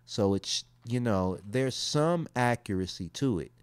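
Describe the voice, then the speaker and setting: A man's voice: mid-range voice, lively intonation, unhurried, clean tone, no room sound. A man from the United States talking casually as he reacts to his results, with slangy asides in a laid-back, conversational way. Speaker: vlogger.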